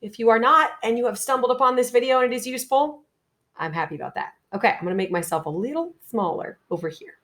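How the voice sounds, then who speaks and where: A woman teacher giving a video lesson to her students, talking animatedly and reading example sentences aloud with big exaggerated pauses. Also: on the high side, animated, fairly bright tone, dry recording. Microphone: webcam microphone.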